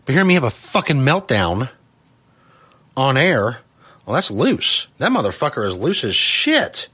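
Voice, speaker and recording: A husky-voiced man hosts a live studio show, swearing freely and ranting. His pitch swings widely as he talks, and the sound is dry and close with faint music underneath. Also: very animated, measured pace, sharp tone, no room sound. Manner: profane, exasperated ranting. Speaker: podcast host. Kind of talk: casual live show talk.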